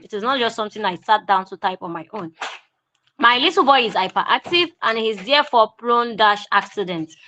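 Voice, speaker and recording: A woman with a Nigerian English accent teaching an online grammar lesson, repeating key phrases slowly for emphasis. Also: on the high side, bright, forceful tone, slight background noise, low-quality recording.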